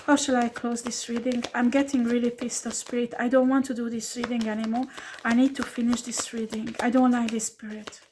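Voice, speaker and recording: A woman's voice: on the high side, flat delivery, a little fast, a little mellow, a little hiss or hum. A woman giving a tarot reading who scolds bluntly and swears freely, repeating rhetorical questions for emphasis. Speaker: tarot reader.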